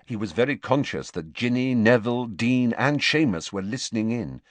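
This is scripted audiobook narration of a novel, delivered by a man with a medium pitch. His storytelling is measured and expressive, and the recording is dry.

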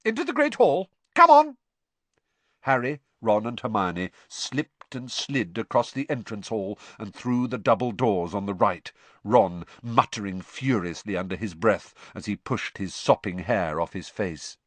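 A man narrating an audiobook in an animated storytelling manner. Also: lowish voice, measured pace, no room sound. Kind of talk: scripted narration.

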